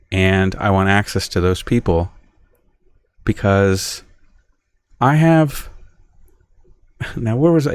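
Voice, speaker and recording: In a lowish voice with no room sound, a middle-aged podcast host delivers a wandering solo monologue. He sounds aggrieved, often cutting himself off and starting over.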